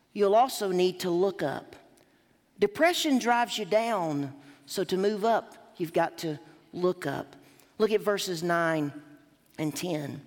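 A woman preacher delivering a sermon emphatically, rising and dropping her voice to drive points home. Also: on the high side. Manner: emphatic, lively rises and drops. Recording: long hall reverb.

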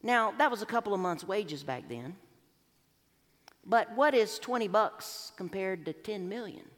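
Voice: mid-range voice, expressive, measured pace. A pastor preaching a sermon, telling a parable and acting out its voices, in a church sanctuary. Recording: long hall reverb.

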